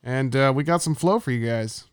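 A man's voice: medium pitch, moderate pace, clean tone, dry recording, clean studio sound. A man hosting a podcast in loose, profane casual chat, laughing often. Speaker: podcast host.

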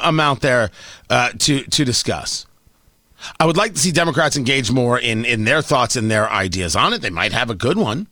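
Man, talk radio host, sarcastic, exasperated, lively swooping pitch, dry studio mic. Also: no echo.

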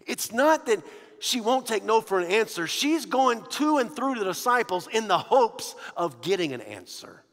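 Guy preaching, swings quiet to loud, sharp bright tone, echoey church. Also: high voice, normal speed. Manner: animated, swinging from hushed to loud with quoted voices. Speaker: pastor. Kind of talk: sermon. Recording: long hall reverb.

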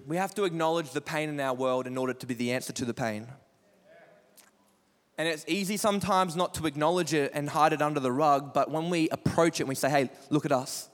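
A young male youth pastor preaches with impassioned, repetitive rhetorical questions, his voice sitting high. Long reverb trails each phrase through the church hall. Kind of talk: sermon. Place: church auditorium.

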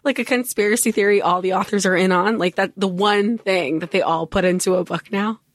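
Woman podcast co-host, casual book chat, medium pitch, dry sound, giggly. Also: steady tone, brisk, no echo.

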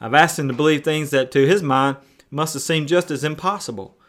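A man voicing a calm, patient father who speaks gently and evenly. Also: a little high, fairly quick, natural voice.

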